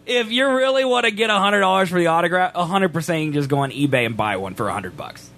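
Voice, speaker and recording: Lively bright-voiced streamer man. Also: sits high, quick pace. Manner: playful, laughs often, talks to chat. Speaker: stream co-host. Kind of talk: casual livestream banter.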